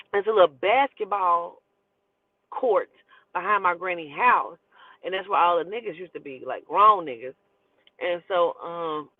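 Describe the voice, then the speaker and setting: A woman telling a casual storytime monologue, profane and animated, often breaking into laughter. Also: on the low side, no room sound. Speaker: storytelling host. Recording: tinny phone-like audio.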